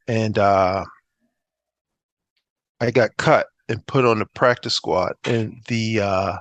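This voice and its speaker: Middle-aged guy, ex football player, chatting in an interview, acts out the quotes, mid pitch, dry close sound. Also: no room sound. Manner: animated storyteller who acts out quoted dialogue. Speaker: interview guest, former pro football player. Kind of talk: casual storytelling interview.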